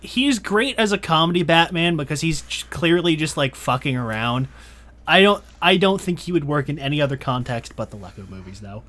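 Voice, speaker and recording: A man chatting casually about comics with friends, animated and swearing often, with loud laughs. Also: on the high side, fairly quick. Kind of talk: casual chat.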